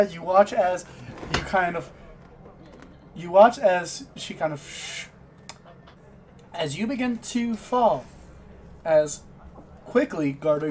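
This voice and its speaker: A man narrating a tabletop game as game master, halting and restarting as he describes the scene. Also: high voice, a little mellow, slight background noise.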